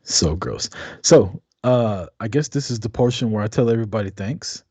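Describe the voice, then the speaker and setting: A man's voice: lowish voice, normal speed, dark tone, slightly rough, no echo. A man co-hosting a casual live-stream podcast, laid-back and teasing, talking to the chat. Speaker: podcast co-host.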